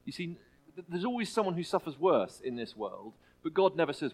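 A man preaching a sermon in a church, earnest and halting, often restarting his phrases. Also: a little high, sing-song, low-quality recording. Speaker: pastor.

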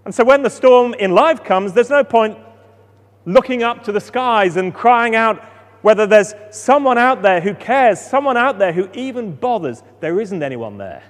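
Preacher with an animated sermon voice. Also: male voice, high voice, normal speed, in a large hall. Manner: expressive, rising for drama and dropping soft for calm.

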